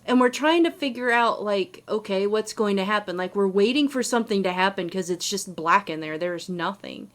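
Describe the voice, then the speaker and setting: A woman co-hosting a podcast, telling a personal story in a casual, animated way with lots of fillers. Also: mid-range voice, moderate pace, few pauses. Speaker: podcast co-host.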